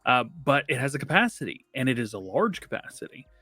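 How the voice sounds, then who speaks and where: A man's voice: medium pitch, sing-song, fast talker, bright, forceful tone, husky, no room sound. A man co-hosting a casual gaming podcast, chatty and rambling, laughing often. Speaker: podcast co-host.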